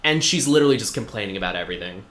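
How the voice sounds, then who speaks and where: A man tells a long, rambling story about a TV episode, full of fillers and dry little asides. His voice sits a bit low but sounds bright and forceful. The recording is echoey, with the sound of the room around him. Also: lively intonation, racing. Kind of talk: casual chat recapping a TV episode.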